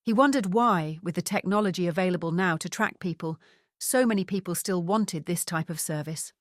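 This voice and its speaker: A woman's voice: lowish voice, normal speed, dry recording. Woman narrating a novel, dry close sound. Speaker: audiobook narrator. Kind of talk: scripted narration.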